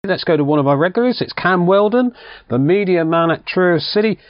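A man's voice: sits high, animated, a little fast, no room sound. A man co-hosting a casual football podcast, chatty and joking, laughing easily with his co-host. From Cornwall. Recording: dry, dull lo-fi sound.

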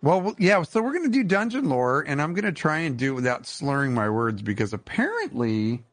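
A man's voice: a little high, very animated, fairly quick, no room sound. Playful joking podcast host, man. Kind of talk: casual comedic podcast chat.

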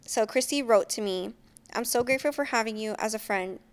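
A young woman co-hosting a casual chat, speaking softly and hesitantly with frequent ums. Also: fairly high pitch, a little fast. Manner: soft-spoken, hesitant, with many ums. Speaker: co-host.

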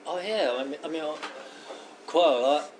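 A man chatting casually on a comedy podcast, laid-back and quick to laugh. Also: a little high, a crowd in the background, low-quality recording. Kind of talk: casual chat.

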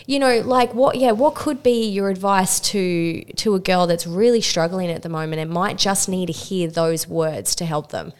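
A woman's voice: fairly low pitch, normal speed, few pauses, a little mellow, smooth. A woman co-hosting a podcast, asking questions in a bubbly, giggly way with many fillers. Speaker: podcast co-host. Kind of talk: casual interview chat.

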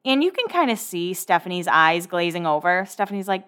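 A woman's voice: lowish voice, big pitch swings, a little fast, fairly bright tone, clear, resonant tone. Chatty woman with sarcastic asides. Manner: rambling, sarcastic asides, self-corrections. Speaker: podcast host recapping a reality show. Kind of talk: casual chatty recap.

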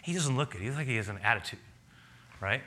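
Animated bright-voiced male preacher. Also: mid-range voice, quick pace. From a city. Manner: animated storytelling, acts out dialogue with laughter. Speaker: pastor. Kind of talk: sermon with personal story.

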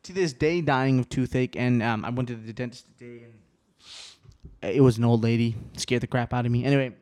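A man hosting his podcast alone in a small home studio, talking casually and rambling, cursing often, swinging between subdued and excited. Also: mid-range voice, normal speed. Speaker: podcast host. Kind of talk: casual solo podcast chat.

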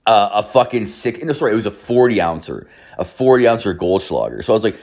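A man's voice: medium pitch, animated, quick pace, few pauses. A man casually telling a rambling, profane story as a vlogger, piling up "I was like" asides.

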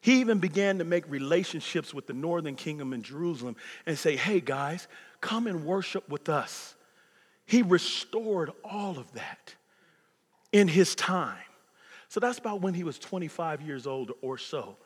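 A man in his fifties preaching a sermon as pastor, swinging from loud preaching to hushed near-whispers. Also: a little high, expressive, normal speed, slightly rough. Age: 50s. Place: church sanctuary. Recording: long hall reverb.

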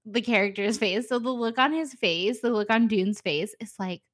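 A woman's voice: on the high side, normal speed. A young woman in casual chat, animatedly retelling a show's scenes and acting out the characters' lines. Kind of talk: casual chat recapping a show.

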